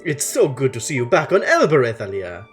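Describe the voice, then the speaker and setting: A flamboyant male trader full of theatrical charm, as a man voices him, stretching his words grandly and swooping up and down in pitch. His flirtatious lines ride over faint music. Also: huge pitch swings, a bit bright. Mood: smooth bargaining. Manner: grand, drawn-out, playful delivery.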